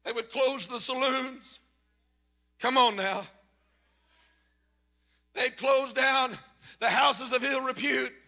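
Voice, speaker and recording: A man preaching a revival sermon as pastor, shouting in a sung cadence at the peaks and dropping low and quiet in between. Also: steady tone, slow pace, vocal fry, long pauses. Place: church sanctuary. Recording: long reverb of a large hall.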